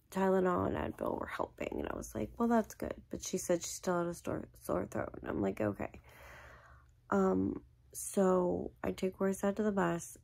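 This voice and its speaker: A woman's voice: on the low side, gravelly, a little mellow. A woman in her thirties chatting casually to her viewers as a vlogger, rambling through a story with many fillers and sometimes dropping to a whisper. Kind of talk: casual chat.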